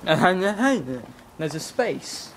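A man's voice: high-pitched, drawn-out words. A young man with an English accent, chatting casually in a vlog while walking outdoors and holding the camera. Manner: chatty, animated storytelling with laughs. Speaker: vlogger. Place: outdoors on a street. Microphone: handheld camera at arm's length. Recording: noisy outdoor phone camera audio.

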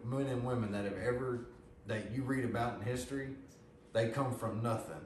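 A man's voice: mid-range voice, darkish tone, roomy sound, recorded from a distance, slight background noise. A man, preaching a sermon in a folksy, conversational way. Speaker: pastor. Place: church sanctuary.

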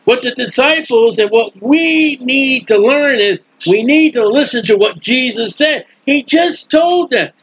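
A male preacher with an unusually high, husky voice delivers a colloquial sermon. He acts out scenes as he goes, shifting into quick character voices before returning to his plain preaching tone. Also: a bit bright, lo-fi sound.

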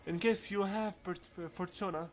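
A man's voice: high-pitched, fairly even intonation, moderate pace. A man hosting a let's play, giving casual game commentary with joking, laughing asides.

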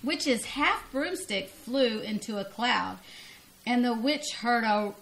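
Reading a children's storybook aloud, a grandmother speaks slowly in a fairly high voice with some vocal fry. She is expressive, laughing as she goes and leaping up in pitch on the cries.

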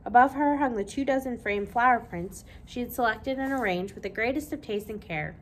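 A woman, a children's librarian, reading a children's novel aloud with expressive storytelling. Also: a little high, brisk, slight background noise.

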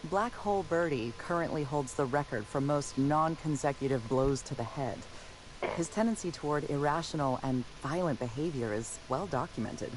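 An actor voicing a formal, dry-witted detective robot in a video game, speaking with precise deadpan delivery. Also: male voice, on the high side, normal speed, over music, natural voice, poor audio.

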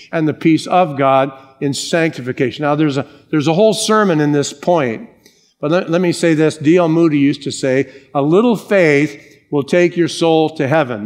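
A male pastor preaching a sermon, emphatic, with shifting pace. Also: a little high.

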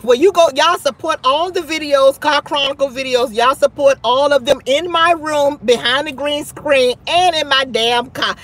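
A woman in her thirties hosting a live stream, chatting in a lively, gossipy way and calling her viewers "child" and "honey". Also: high voice. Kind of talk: casual live-stream chat.

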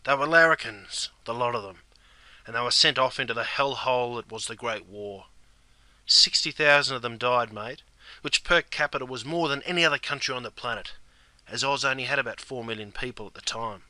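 A man's voice: mid-range voice, a little fast, pushed and bright, no echo. An Australian man explaining slang in a laid-back, comedic scripted way, peppering his talk with the word mate. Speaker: slang teacher.

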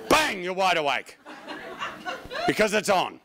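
A man's voice: high voice, unhurried, a crowd in the background, background noise. A man performing a stand-up comedy routine, wry and profane, telling stories with lots of energy. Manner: wry, profane, animated storytelling.

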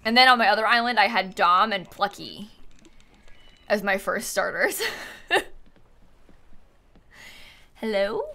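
A woman's voice: mid-range voice, takes it slowly, vocal fry, long pauses, pushed and bright. A woman chatting casually on a live gaming stream, giggling often and thanking viewers as she plays.

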